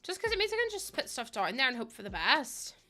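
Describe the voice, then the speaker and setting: A woman's voice: high voice, very animated, quick pace, faint music behind. A young woman chatting casually while streaming a building game, rambling and bubbly with plenty of ums. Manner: bubbly, greets chat warmly. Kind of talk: casual live-stream chat.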